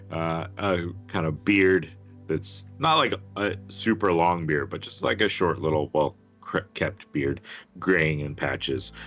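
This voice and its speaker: Deep voice guy dm'ing, lots of uhs, faint music in the back. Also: sharp tone. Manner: halting, filler-heavy description. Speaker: game master. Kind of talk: narrating a tabletop game.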